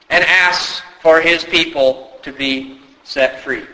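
A man preaching a sermon, often asking rhetorical questions and rising sharply in pitch for emphasis. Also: steady tone, slow, bright, forceful tone, big-room sound, low-quality recording. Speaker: pastor.

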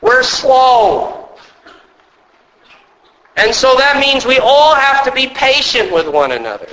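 A male pastor giving a sermon, earnest and measured, with occasional storytelling asides. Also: very high voice, big pitch swings, bright, forceful tone, poor audio.

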